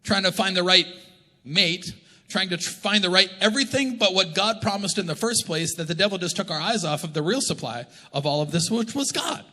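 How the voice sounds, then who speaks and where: Male pastor, fairly high, bright and forceful voice, chatty joking sermon, big church echo. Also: lively intonation, brisk. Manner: conversational, joking preaching. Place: church auditorium. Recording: long church reverb.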